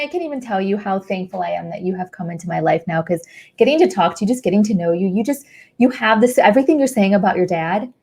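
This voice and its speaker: A woman's voice: mid-range voice, expressive, quick pace, a little mellow, breathy edge. A young woman hosting a charity livestream, talking in a gushing, effusive and emotional way. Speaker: livestream host. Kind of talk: casual livestream chat.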